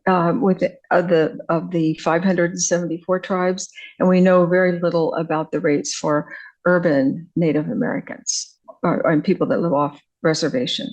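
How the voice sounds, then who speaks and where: An older woman with a somewhat low voice gives an academic lecture. She talks in a halting way, full of fillers and restarts. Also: fairly even intonation, a little mellow, low-quality recording. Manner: hesitant, many fillers and restarts. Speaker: visiting scholar lecturer.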